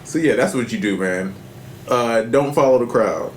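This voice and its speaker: Man, mid pitch, casual slangy banter, roomy sound, faint noise. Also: moderate pace. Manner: slangy, joking, reads out listener questions. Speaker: podcast co-host. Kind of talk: casual chat.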